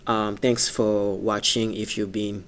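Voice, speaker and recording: A man with a French accent hosting a gaming video, talking in a casual, rambling way with many pauses and restarts. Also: on the low side, flat delivery, a bit bright. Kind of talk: casual rambling commentary to camera.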